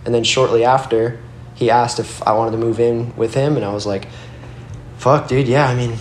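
A man's voice: medium pitch, fairly even intonation, normal speed, a little hiss or hum. A young man and guest skateboarder telling loose, rambling stories in casual chat, swearing and saying "like" a lot. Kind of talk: casual storytelling. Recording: roomy echo.

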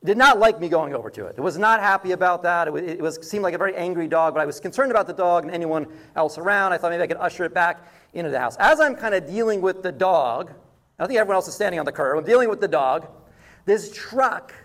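A man's voice: high-pitched, fast. A man preaching a conversational sermon as pastor, telling a personal story and closing in prayer. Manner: conversational, storytelling with animated asides.

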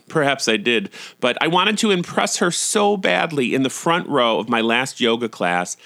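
A middle-aged man hosting a podcast, telling a personal story in a candid, self-deprecating way and getting animated when he acts out scenes. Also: fairly low pitch, no room sound, clean studio sound. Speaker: podcast host.

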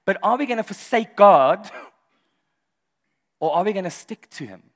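Brief: male pastor, animated and funny, high and sing-song, long hall reverb. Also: unhurried. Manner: animated, humorous, laughs often. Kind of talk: sermon.

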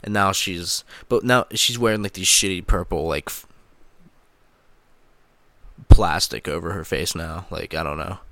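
Low-voiced man ranting crudely. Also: fairly even intonation, measured pace, vocal fry, pauses often, sharp tone, dry recording. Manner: rambling, crude and sarcastic, heavy filler words. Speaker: podcast host. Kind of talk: casual solo commentary.

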